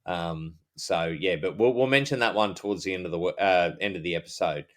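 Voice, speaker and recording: This is a middle-aged Australian man with a very low, deep voice, chatting casually as a podcast co-host. He rambles, stops and restarts, and leans on plenty of fillers. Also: brisk, a bit bright.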